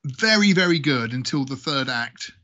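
A man's voice: mid-range voice, animated, moderate pace, sharp tone. British guy rambling about movies, jokey, a bit dull lo-fi sound. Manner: rambling, jokey, laughs often. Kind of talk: casual chat about films.

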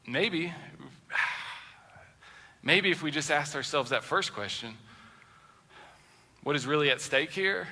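A man preaching a sermon as a pastor, animated and acting out the voices he quotes. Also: a little high, takes it slowly, long pauses, big-room sound. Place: church sanctuary.

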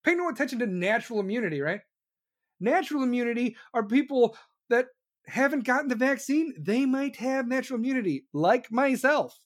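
A host in full rant, swearing constantly and dripping with sarcasm. The voice sits at a middle pitch, and the talk runs fast and heated, hammering the same points over and over and slipping into mocking impressions of officials. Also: animated. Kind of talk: profane ranting commentary.

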